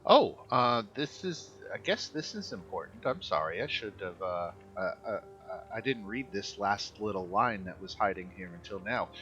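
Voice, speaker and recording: A man with a fairly low but bright, forward voice narrates as dungeon master, halting on fillers as he checks the rules. The sound is dull and lo-fi over voice chat. Faint music plays behind him. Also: lively intonation. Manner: hesitant, many uh fillers while reading rules. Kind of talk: narrating a tabletop game.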